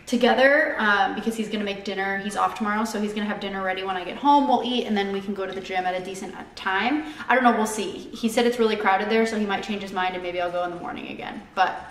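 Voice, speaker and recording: A woman's voice: medium pitch, quick pace, hardly any pauses, fairly bright tone, a little hiss or hum. Chatty woman vlogging from an echoey room. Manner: chatty, upbeat, rambling. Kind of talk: casual vlog chat. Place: home indoors.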